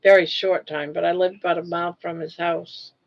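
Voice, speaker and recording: A woman's voice: on the low side, flat delivery, brisk, muffled recording. An older woman from Maine with a Down East accent, chatting casually on a livestream from her couch, laughing easily as she answers viewers. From Portland, Maine. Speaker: livestream host. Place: home couch. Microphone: phone.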